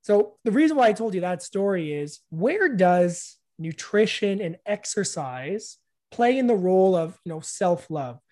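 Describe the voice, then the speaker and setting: A man's voice: sits high, big pitch swings, measured pace, dark tone. A middle-aged man hosting a casual conversation, who tells family stories and asks reflective questions.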